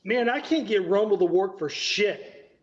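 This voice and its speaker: A man's voice: sits high, expressive, a little slow, muffled recording. A man hosting a casual live stream chat, blunt and swearing freely on an online call.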